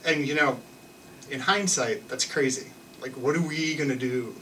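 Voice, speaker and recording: A man's voice: medium pitch, normal speed, pushed and bright, distant mic, slight background noise, low-quality recording. A young man telling a personal story on stage in a loose, self-mocking way, full of restarts and fillers. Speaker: live storyteller. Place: theater stage with an audience.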